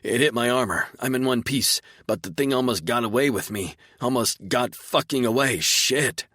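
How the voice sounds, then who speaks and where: A man's voice: medium pitch, moderate pace, bright, forceful tone, husky, dry recording, clean studio sound, pitched above the performer's own voice. A man voicing a tough male zombie fighter who swears in strained outbursts.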